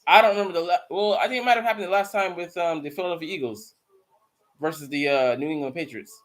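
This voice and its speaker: Male host, high voice, profane live game commentary, excitable. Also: fast. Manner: profane, excitable, bursts into mocking shouts. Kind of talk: live watch-party commentary.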